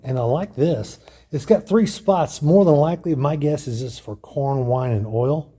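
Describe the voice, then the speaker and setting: A man's voice: on the high side, measured pace, warm tone, slightly rough. A man casually narrating a walking tour of a lodge room, thinking aloud with frequent restarts and guesses. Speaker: vlogger touring a lodge.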